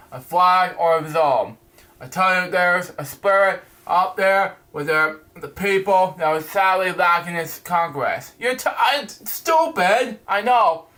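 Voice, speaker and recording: A man reviewing a comic book, reading it aloud haltingly, stumbling over words and adding his own asides. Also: high-pitched, fairly bright tone.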